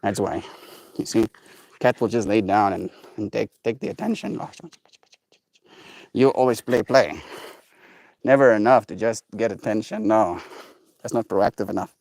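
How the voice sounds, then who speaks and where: A man hosting a daily livestream. He rambles casually and playfully, and slips into high baby talk with his pets. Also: animated, moderate pace, vocal fry, long pauses, darkish tone, dry recording.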